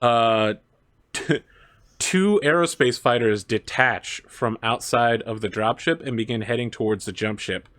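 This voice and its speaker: Running a tabletop session, this game master describes the scene casually, dropping in filler words and brief side comments. His voice sits in the middle range.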